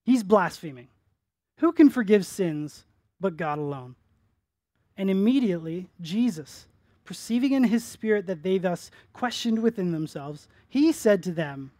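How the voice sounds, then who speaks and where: A male pastor preaching a sermon in church, earnest, rising to emphatic peaks and dropping soft on key phrases. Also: high voice, expressive, a little slow, no echo.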